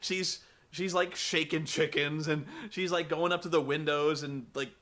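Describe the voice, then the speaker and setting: A man's voice: fairly high pitch, fairly even intonation, a little slow, fairly bright tone. A man giving a comedic film review in a rambling, profane way, full of fillers.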